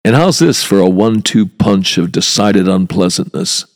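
A man's voice: low voice, animated, moderate pace, long reverb tail. A man, a walking tour guide, hosting a podcast monologue in a wry, chatty way with rhetorical asides.

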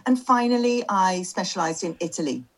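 A middle-aged woman from Birmingham, England, a tour guide telling her story in an interview, self-deprecating and quick to laugh, with many ums. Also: fairly low pitch, lively intonation.

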